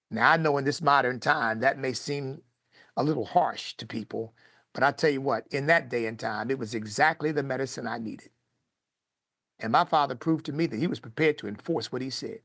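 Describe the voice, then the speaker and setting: Un hombre de voz áspera y grave narra con emoción una historia personal ante su público. Alterna pasajes en voz baja, casi susurrada, con arrebatos animados. El sonido es seco y cercano, sin eco. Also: male voice, medium pitch, normal speed, no room sound, studio quality. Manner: animated, swings between hushed and lively. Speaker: speaker telling his life story. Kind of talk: emotional personal storytelling to an audience.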